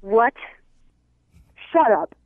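A woman's voice: on the high side, big pitch swings, drawn-out words, no echo. Indignant woman on a tinny phone line. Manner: indignant, defensive. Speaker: prank call target. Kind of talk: phone call.

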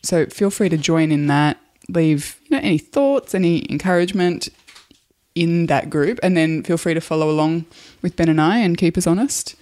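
A woman's voice: fairly low pitch, animated, moderate pace, a little mellow. Chatty woman co-hosting a podcast. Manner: chatty, upbeat, explaining at length. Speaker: podcast co-host. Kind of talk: casual podcast chat.

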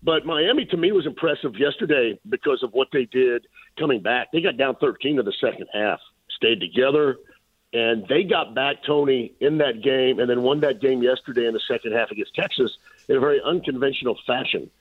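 Hoarse man on a tinny phone line. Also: mid-range voice, brisk, no room sound. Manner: steady analytical talk with fillers. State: slightly hoarse, losing his voice. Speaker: sports radio guest. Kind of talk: call-in radio analysis.

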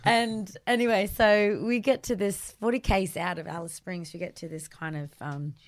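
An Australian woman, a podcast guest, telling a lively personal story with frequent fillers and easy laughs. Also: mid-range voice, moderate pace, no room sound. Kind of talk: casual storytelling interview.

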